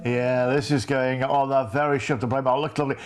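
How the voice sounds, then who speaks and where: A man presenting a live TV sales pitch, gushing and repeating prices and phone numbers. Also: fairly even intonation, a little fast, loud music behind the voice. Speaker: TV shopping presenter.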